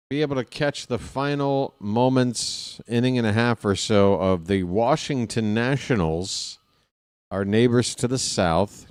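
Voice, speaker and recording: Male stream host, unhurried rambling chat, clean dry voice on a close mic. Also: on the low side, a little mellow, clear, resonant tone, dry recording. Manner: chatty, rambling, joking asides to chat. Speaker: baseball live-stream host. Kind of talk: casual post-game stream chat.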